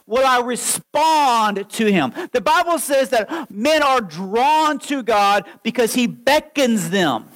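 A man preaching a sermon, telling his own testimony with animated storytelling that swings from hushed lines to loud ones. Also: very high voice, slow pace, hardly any pauses, poor audio. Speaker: pastor.

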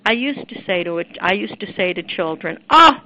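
A woman's voice: medium pitch, lively intonation, fairly quick, bright, forceful tone. A woman trainer lecturing teachers on early childhood classrooms, earnest and emphatic, sometimes acting out children and teachers. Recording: dull lo-fi recording.

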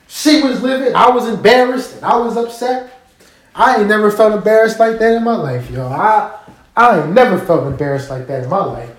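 Man, casual storytelling, animated, swearing freely, lively up-and-down pitch, roomy echo. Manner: animated, profane, keeps asking listeners to agree.

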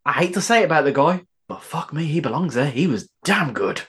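A man's voice: fairly high pitch, animated, fairly quick, fairly bright tone, breathy edge. A man co-hosting a podcast in casual chat, laid-back with dry, sweary remarks. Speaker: podcast co-host.

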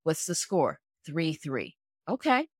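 A woman with a notably low voice explains how she trains athletes' minds. She is animated and plays out each scenario step by step. The sound is dry and close. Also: normal speed, no room sound. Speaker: mental performance coach. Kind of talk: explanatory interview answers.

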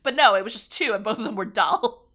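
A woman's voice: mid-range voice, quick pace, bright, forceful tone. A woman co-hosting a podcast, chatting casually and sarcastically about a film, laughing often. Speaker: podcast co-host. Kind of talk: casual film review chat.

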